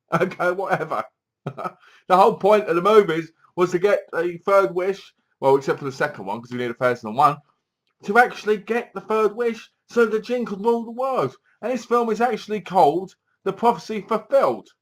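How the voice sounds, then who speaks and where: A man's voice: sits high, expressive, moderate pace. A man giving a chatty, exasperated spoken film review, retelling scenes and quoting lines as he goes. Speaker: movie reviewer.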